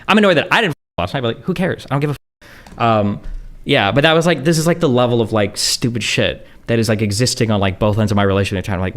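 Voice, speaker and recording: Man, quick rapid-fire talk, casual streamer answering chat, swears a lot, filler-heavy. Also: lowish voice, animated. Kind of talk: casual rambling monologue.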